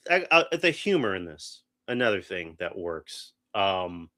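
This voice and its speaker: A man's voice: low voice, very animated, measured pace, a bit bright. A man co-hosting a podcast, chatting casually through a movie review, rambling with restarts. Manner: rambling, full of restarts and acted-out quotes. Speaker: podcast co-host.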